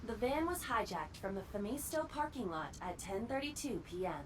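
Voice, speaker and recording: A woman's voice: fairly high pitch, lively intonation, moderate pace, noisy background, natural voice. An actress voicing a cool, literal-minded female AI assistant in a video game, speaking precisely and matter-of-factly. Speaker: game character. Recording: distant game voice under music. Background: music.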